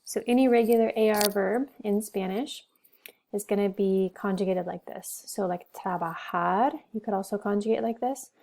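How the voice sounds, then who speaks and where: Mellow-voiced woman teaching Spanish verbs. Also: medium pitch, fairly even intonation, vocal fry. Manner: slow, careful drilling of verb forms; switches between English and Spanish. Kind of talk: classroom language lesson.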